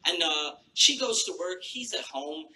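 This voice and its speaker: A male stand-up comic on a live stage, his voice pitched high and very bright. He tells his story in jumpy, animated bursts that leap up and down in pitch. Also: measured pace, slight background noise, low-quality recording. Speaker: stand-up comedian. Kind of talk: stand-up set. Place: live comedy stage before an audience.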